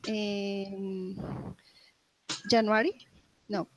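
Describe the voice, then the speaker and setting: Very slow, halting woman student. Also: mid-range voice, level tone, slight background noise, rough recording. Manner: hesitant, halting, searching for words. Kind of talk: classroom conversation practice.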